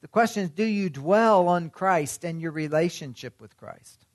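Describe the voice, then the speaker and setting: A man's voice: on the high side, animated, moderate pace, no room sound. A man preaching a sermon in a conversational way, often asking his listeners questions. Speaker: pastor.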